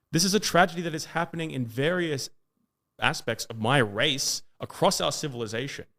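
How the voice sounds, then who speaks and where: An Australian man giving an impassioned monologue, emphatic and often pausing on "uh" as he builds in intensity. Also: mid-range voice, a bit bright. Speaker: speaker.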